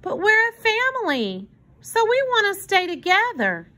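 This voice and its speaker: A woman's voice: very high voice, huge pitch swings, measured pace, bright, forceful tone, pitched above the performer's own voice, full character voice. A woman reading aloud as an earnest, brave little girl in a storybook. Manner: earnest, pleading.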